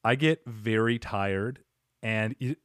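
A man hosting a podcast in casual chat, smooth and well-spoken, with a measured broadcast cadence and self-deprecating humor. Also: on the low side, a bit bright, no room sound, clean studio sound. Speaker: podcast host.

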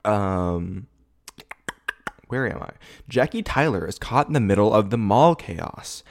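Man in his twenties, lowish voice, casual host who rambles, curses and laughs a lot. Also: expressive, a little slow, vocal fry. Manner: rambling, swearing, laughing often. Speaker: video podcast host. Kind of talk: casual rewatch commentary. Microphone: camera setup.

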